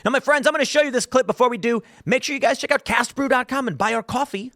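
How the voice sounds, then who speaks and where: A man hosting a political commentary show, talking in an animated, sarcastic way with riffing asides. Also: very high-pitched, fast, no echo, studio quality. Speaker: host.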